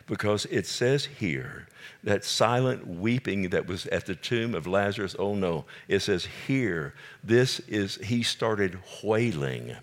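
A man preaching a sermon as a pastor, shifting from calm explanation to fervent, rising appeals and asking his listeners for an amen. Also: on the low side, slow. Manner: asks the congregation for responses like "Amen?".

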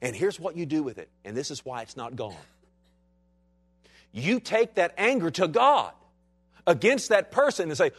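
Male pastor, sermon, somewhat high voice, shifts between soft asides and loud emphatic lines. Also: big pitch swings, breathy edge, faint music behind. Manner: dynamic preaching, swinging from quiet low asides to loud, slow emphatic lines.

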